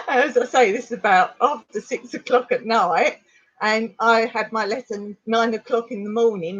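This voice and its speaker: A middle-aged woman from England, telling a long personal story on a livestream in a rambling, animated way. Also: a little high, normal speed, husky, dull audio. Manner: rambling, animated retelling with laughs. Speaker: vlogger on a livestream.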